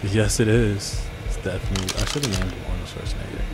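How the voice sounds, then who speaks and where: A man streaming a game live, chatting with viewers and other players, swearing often and yelling and laughing when he gets attacked. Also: deep voice, fairly even intonation, fast talker, loud music behind the voice. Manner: talks to chat and other players. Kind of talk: live gameplay streaming chat.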